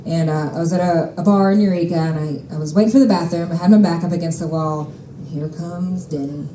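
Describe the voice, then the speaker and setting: A young woman tells a personal story on a stage mic with wry, profane exasperation. Her voice sits low and mellow. The room carries an echo with a faint hum of ambience behind it. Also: steady tone, fast. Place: stage at a live storytelling show.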